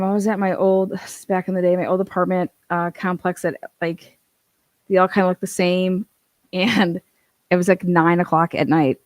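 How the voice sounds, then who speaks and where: A young adult woman giving casual true crime commentary, blunt and profane, telling stories with animated asides. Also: mid-range voice, dry recording.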